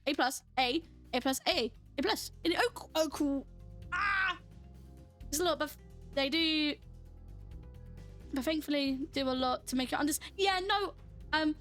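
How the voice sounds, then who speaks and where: A woman's voice: sits high, a bit bright. A woman streamer chatting casually while playing a game, laughing often and answering her chat as she goes.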